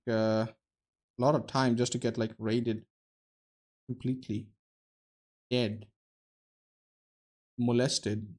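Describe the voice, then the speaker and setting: A man's voice: mid-range voice, darkish tone. A young man giving casual, profane, joking commentary while streaming a game, rambling between stories and play.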